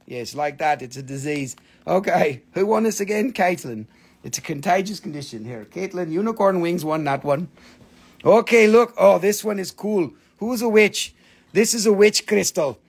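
A man hosting a live crystal sale on his phone, excitable and chatty, swearing casually and laughing often. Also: high-pitched, normal speed, vocal fry, husky. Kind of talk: live-stream sales chat.

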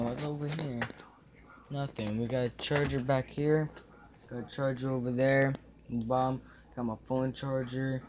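A man's voice: mid-range voice, background noise. A young man vlogging casually from a small room at home, rambling with lots of fillers and restarts, forgetting what he meant to say.

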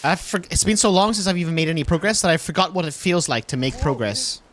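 A man's voice: on the high side, quick pace, a bit bright. A man giving casual let's-play commentary, exasperated and swearing as he pleads with his game character. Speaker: gaming video host.

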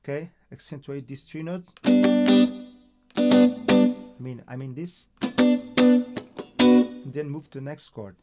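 Slow, very animated, and pausing often, a man with a slightly high voice gives a guitar lesson. He's from Portugal, speaks with a Portuguese accent, and counts the beats patiently as an acoustic guitar plays.

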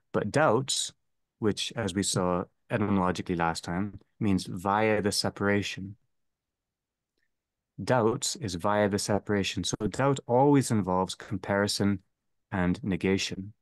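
A man leading a theology seminar, speaking slowly and deliberately and restating each phrase. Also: on the low side, no echo. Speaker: seminar leader. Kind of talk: theology lecture.

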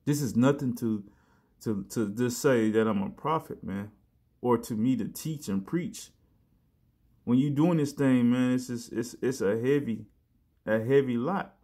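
A man preaching in a relaxed, conversational way, his voice sitting at an ordinary middle pitch. He restarts his phrases, leans on "man" and "you know", and slows down to stress each word when he reads scripture. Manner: reads verses slowly with emphasis. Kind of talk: casual sermon with scripture reading.

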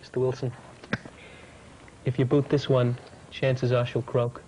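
A man's voice: mid-range voice, little pitch movement, measured pace, warm tone, a little hiss or hum, lightly acted, poor audio. A man playing an earnest doctor in a comedy sketch, speaking solemnly. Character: earnest male doctor at a sickbed.

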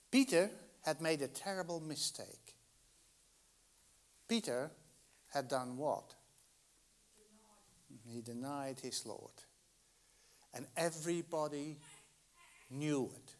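A male pastor preaching at a slow, deliberate pace, his fairly high voice rising to loud peaks and then dropping to near-hushed lines. He tells the story with dramatic pauses and lets single words hang. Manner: dramatic storytelling with wide swings in loudness and pitch. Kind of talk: sermon.

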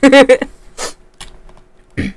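A woman's voice: very slow, no room sound. A woman co-hosting a let's play who laughs a lot, teases and swears. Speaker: co-host. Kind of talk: casual gameplay chat.

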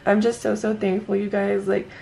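A young woman vlogging to her handheld camera at home, gushing and excited, teary and sleepy from just waking up. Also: mid-range voice, normal speed, vocal fry. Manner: gushing, excited, says "like" a lot. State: teary and emotional. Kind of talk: casual vlog to camera.

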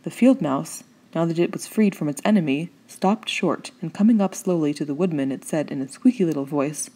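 A woman narrating a children's storybook as an audiobook reader, in a calm and measured way. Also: low voice, slightly rough.

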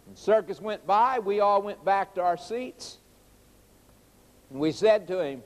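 A man's voice: sits high, moderate pace, in a large hall. A middle-aged man preaching a sermon, a folksy storyteller who talks to the audience as folks and acts out quotes in a raised voice. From rural United States.

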